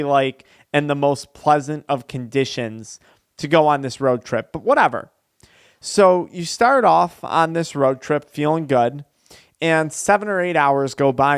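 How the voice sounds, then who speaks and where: Earnest man with a smooth, clear voice. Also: on the high side, fairly bright tone, dry recording, studio quality. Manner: earnest, conversational. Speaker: addiction recovery coach. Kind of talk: personal storytelling vlog.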